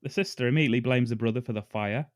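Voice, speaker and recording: A man co-hosting a podcast, recapping a film's plot in a relaxed, sweary way with laughs. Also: mid-range voice, rapid-fire, no room sound, studio quality. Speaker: podcast co-host. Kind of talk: casual chat.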